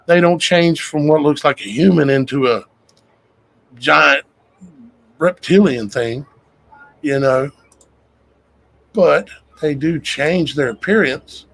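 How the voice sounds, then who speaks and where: Man host, folksy and meandering, pitched a bit high. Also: takes it slowly, creaky, long pauses, fairly bright tone, rough recording. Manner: rambling, conversational, folksy with "y'all guys". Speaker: show host. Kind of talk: casual talk to viewers.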